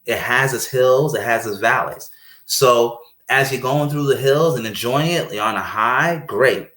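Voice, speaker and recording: A man talking casually about marriage and faith, telling stories and acting out quoted speech with lively energy. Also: medium pitch, a little slow. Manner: animated storyteller, acts out quoted speech. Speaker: guest speaker on marriage. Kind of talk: casual conversational preaching. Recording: roomy echo.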